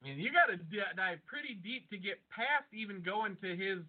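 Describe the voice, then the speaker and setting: A man co-hosting a podcast in loose, excitable chat, swearing and spinning wild theories. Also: high-pitched. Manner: excitable, swearing, quick to speculate. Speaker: podcast co-host. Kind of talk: casual chat. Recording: phone-like narrow sound.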